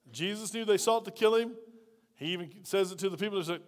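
A man preaching a sermon from a lapel mic, talking conversationally and acting out the quotes he reads, swinging between loud bursts and quiet asides. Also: sits high, fast talker, big-room sound. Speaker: pastor. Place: church hall.

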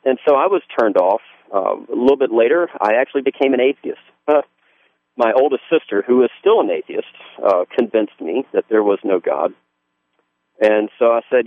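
This Georgia-born pastor with a Southern US accent recounts his life story during a radio interview, sounding earnest and folksy and often restarting his sentences. His medium-pitched voice has lively intonation and a moderate pace, carried over a dry, phone-like radio line.

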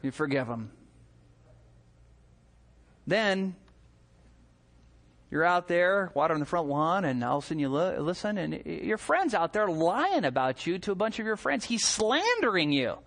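Guy preaching a sermon, animated storyteller, voice jumps all over. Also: high voice, moderate pace, creaky, pauses often. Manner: animated storytelling, acts out scenes. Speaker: pastor.

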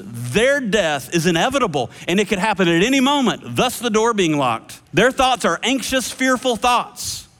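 A man preaching a sermon, conversational, often asking the listeners questions and slowing down for emphasis. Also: sits high, a bit bright, long reverb tail. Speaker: pastor and podcast host.

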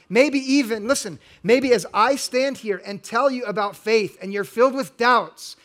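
A man's voice: very high voice, a bit bright. A middle-aged male pastor preaching a sermon, earnest and building to emphatic exhortation.

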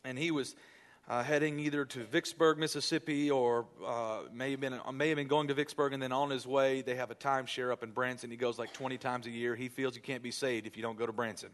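A pastor preaches a sermon in church, leading a hushed prayer and recounting a family story full of lively quoted voices. His voice is mid-range and his delivery brisk.

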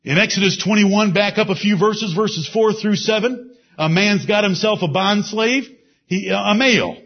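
High-voiced guy preaching, hammers phrases over and over, kinda muffled recording. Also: normal speed. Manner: emphatic, repeats key phrases, drops to low asides. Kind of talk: sermon. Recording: dull lo-fi sermon recording.

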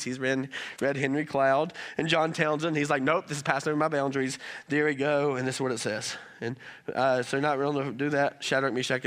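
Bright-voiced joking male preacher. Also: medium pitch. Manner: joking, conversational, keeps asking "right?". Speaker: pastor. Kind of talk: sermon. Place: church in Rome, Georgia.

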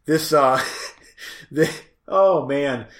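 Slow, rambling man in an echoey room. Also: on the high side. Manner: rambling, halting, many fillers and self-corrections. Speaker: host reviewing movies. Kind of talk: casual chat.

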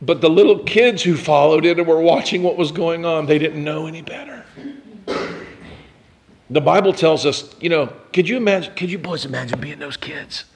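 A male preacher with a high-set voice gives a sermon and puts questions straight to his listeners. He swings from loud, emphatic passages down to near-hushed ones. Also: normal speed, vocal fry. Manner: speaks directly to listeners with questions.

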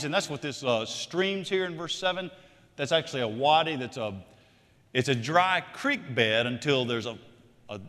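A man preaching a sermon, animated, shifting between loud emphatic lines and quiet asides. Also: mid-range voice, big-room sound. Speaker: pastor.

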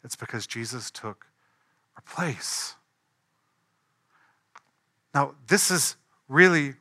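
A man's voice: mid-range voice, lively intonation, slow pace, long pauses, sharp tone, dry recording, studio quality. A pastor preaching an earnest, emphatic sermon, mixing conversational asides into his message.

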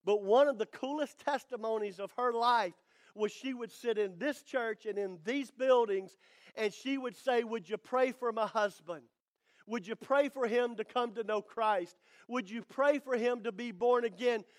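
A male pastor with a strikingly high voice preaches to his congregation. He builds to emphatic declarations and leans on dramatic pauses. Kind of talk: sermon.

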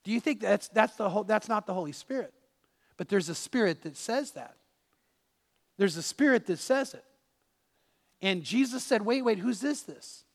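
A man's voice: sits high, animated, normal speed, pauses often, in a large hall. A man preaching a sermon as pastor, pressing the congregation with emphatic rhetorical questions.

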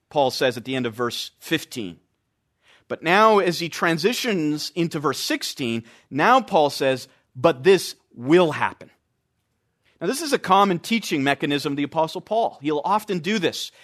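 A man's voice: a little high, very animated, moderate pace, fairly bright tone. A man preaching an expository sermon, stressing key phrases by repeating them.

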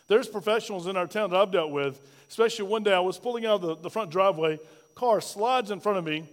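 A man's voice: sits high, fast, big-room sound. A male pastor preaching a sermon, asking the congregation rhetorical questions and telling a personal story.

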